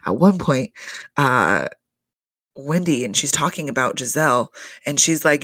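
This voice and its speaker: A man's voice: medium pitch, lively intonation, a little slow, long pauses, sharp tone, no room sound, studio quality. A man giving a casual, profane recap of a reality show, rambling with constant fillers and swearing. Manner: rambling, heavy "like" fillers, frequent swearing and laughter.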